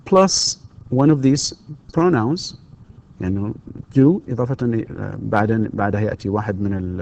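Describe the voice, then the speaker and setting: A male English teacher, talking through a recorded grammar lecture in a mellow, warm-toned voice. He swaps between quick explanations and slow, careful English example sentences. His questions rise noticeably at the end. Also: medium pitch. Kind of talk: distance-learning grammar lecture.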